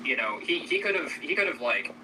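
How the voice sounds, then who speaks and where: A man talking casually in a played clip, halting and rambling with plenty of filler words. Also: a little high, very animated. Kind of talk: casual conversation. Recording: distant clip audio with background noise.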